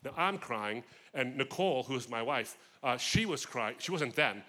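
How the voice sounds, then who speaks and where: A man with a bright, clear-edged voice speaks to a crowd as a guest speaker, recounting a personal testimony. He tells the story expressively, pausing for vivid asides, with his pitch sitting in an ordinary middle range. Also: expressive. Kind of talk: personal testimony talk at a festival.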